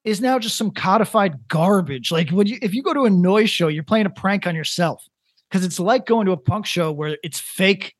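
A man in his thirties co-hosting a casual comedic podcast, rambling in a deadpan way with lots of restarts. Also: high voice, moderate pace, no room sound. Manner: rambling, deadpan, building to a prank. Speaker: podcast co-host.

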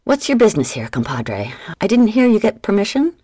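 A woman voicing a gruff, suspicious male tavern keeper who talks bluntly. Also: mid-range voice, very animated, a little fast, warm tone, no echo, clean studio sound, voice pushed up. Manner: blunt, challenging.

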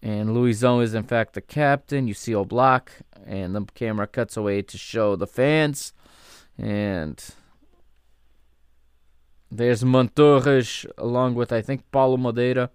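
A man's voice: mid-range voice, unhurried, smooth, no echo, studio quality. A man hosting a podcast, giving chatty, easygoing watchalong commentary on an old football match and correcting himself as he goes. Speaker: podcast host.

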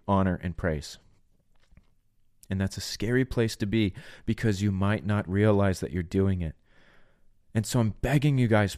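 A man's voice: lowish voice, darkish tone, no echo, studio quality. A man hosting a solo podcast, preaching earnestly and pleading with listeners, often acting out the voices he quotes.

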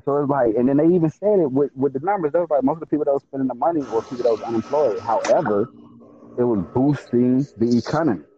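Animated man on a tinny line. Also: medium pitch, fast, slightly rough. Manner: animated storytelling, stutters and repeats when worked up. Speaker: podcast co-host. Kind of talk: casual podcast chat. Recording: tinny phone-like sound.

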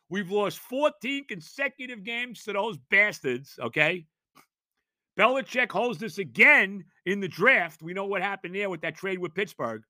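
An older man rants on his sports podcast, his high voice swooping wildly as he shouts and repeats himself in exasperation. The tone is sharp and forceful, and the recording is close and dry. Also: animated, a little slow, no echo. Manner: loud, exasperated ranting with shouted repetitions. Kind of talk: sports talk rant.

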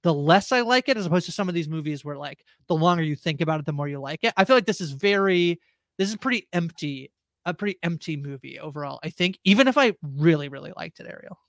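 A woman's voice: low voice, expressive, quick pace, dry recording, studio quality. A woman co-hosting a casual movie review podcast, rambling with lots of fillers. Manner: rambling, heavy use of "like" and fillers. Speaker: podcast co-host.

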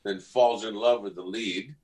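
A man's voice: fairly low pitch, unhurried. A middle-aged man, a guest actor, chatting and telling anecdotes in an interview, often acting out the voices of people in his stories. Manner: animated, acts out voices in anecdotes. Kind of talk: casual interview storytelling.

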